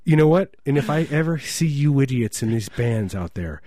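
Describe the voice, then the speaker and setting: A man's voice: medium pitch, normal speed, dry recording. A man co-hosting a podcast, rambling through jokes and tall stories in casual banter. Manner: rambling, jokey, deadpan exaggeration. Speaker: podcast co-host.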